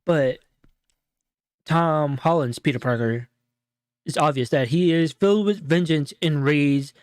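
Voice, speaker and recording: A man co-hosting a show, casually breaking down a movie in a rambling, animated retelling full of fillers. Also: fairly high pitch, measured pace, smooth, no echo. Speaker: show co-host.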